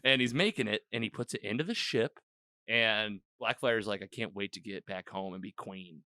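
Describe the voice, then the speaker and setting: A man with a fairly low, sharp-toned voice at normal speed recaps a podcast episode on his own microphone, sounding studio-clean with no room sound. He's loose and rambling, uses "like" a lot, and acts out what the characters say.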